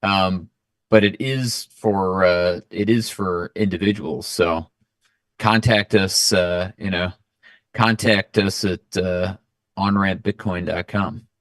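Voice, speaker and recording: Low-voiced man explaining in a dry recording. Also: steady tone, dry recording. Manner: thoughtful, measured explanations. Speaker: guest. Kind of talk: casual chat.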